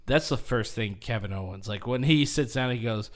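A man on a podcast, casually retelling a story with lively acted-out quotes and frequent laughter. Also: mid-range voice, moderate pace. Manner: animated storytelling, acting out quotes, laughing often. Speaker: podcast host. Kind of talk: casual chat.

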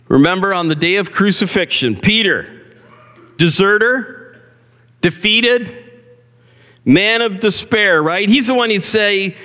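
Man, pastor, sermon, high voice, very animated pitch, church hall echo. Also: takes it slowly, long pauses. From Canada. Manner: conversational preaching, asks the room questions. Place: church sanctuary. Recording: long hall reverb.

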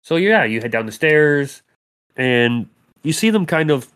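A man's voice: a little high, sing-song, fairly bright tone, clear, resonant tone. Chatty man running a tabletop game. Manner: loose, chatty narration with quick put-on character voices. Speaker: game master.

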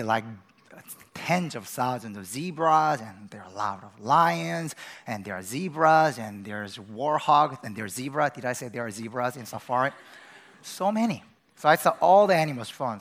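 A man preaching a sermon to students, telling a story with sudden loud bursts. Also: medium pitch. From Korea. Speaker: pastor.

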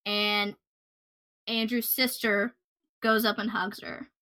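A woman's voice: medium pitch, little pitch movement, slow pace, pushed and bright. A woman co-hosting a true crime podcast, telling the story casually with fillers, sometimes getting heated and swearing.

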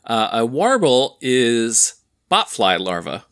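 A man chats on a podcast, telling a long, rambling story with amused asides. His voice is bright and forward, and his pitch sits in a middle range. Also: huge pitch swings, takes it slowly. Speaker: podcast co-host. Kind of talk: casual chat.

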